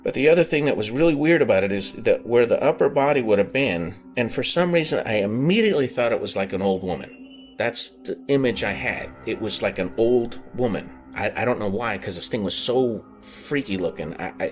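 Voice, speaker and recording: A man hosting a podcast, telling a personal paranormal story in an earnest, halting way, often circling back to rephrase himself. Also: medium pitch, expressive. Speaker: podcast host. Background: background music.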